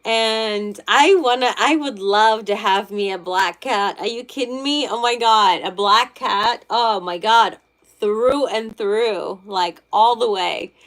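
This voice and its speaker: A woman's voice: medium pitch, takes it slowly, fairly bright tone. A middle-aged woman reading tarot on a livestream and chatting casually with viewers, rambling and gushing with many restarts. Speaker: tarot reader, livestream host.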